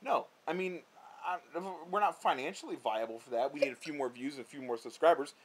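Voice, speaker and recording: A man co-hosting a casual vlog chat, rambling and animated, often restarting his sentences. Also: a little high, a little fast, slightly rough. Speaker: vlog co-host.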